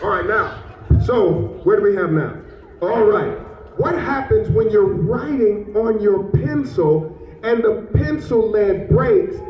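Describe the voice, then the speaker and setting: High-voiced man leading a school assembly. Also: expressive, slow, reverberant, recorded from a distance, lo-fi sound, slight background noise. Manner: playful, coaxing, invites kids to repeat after him. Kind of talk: lively call-and-response with children.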